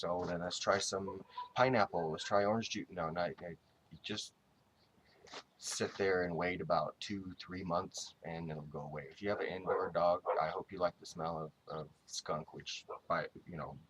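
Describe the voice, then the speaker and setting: A man with a deep, low voice talks to his dog in a loose, rambling way, stopping and restarting his phrases as he goes. It is a casual spoken tribute, affectionate and unscripted. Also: a little hiss or hum. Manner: fondly addresses his dog directly. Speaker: dog owner giving a tribute.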